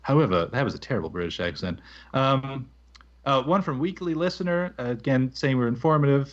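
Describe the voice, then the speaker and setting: A man co-hosting a gaming podcast in a relaxed, rambling manner, working through listener reviews with plenty of fillers. The recording is slightly dull and lo-fi. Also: mid-range voice. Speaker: podcast co-host. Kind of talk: casual podcast chat, reading listener reviews.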